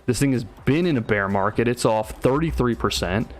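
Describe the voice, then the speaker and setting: A man's voice: medium pitch, lively intonation, brisk, soft background music. A man giving live market commentary on a livestream, talking in a casual, slangy way and often tossing in "right?".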